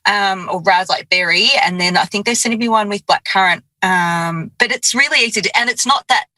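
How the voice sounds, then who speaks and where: A woman's voice: mid-range voice, a little fast, pushed and bright, dry recording, low-quality recording. A woman co-hosting a podcast in casual, giggly, rambling chat. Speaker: podcast co-host.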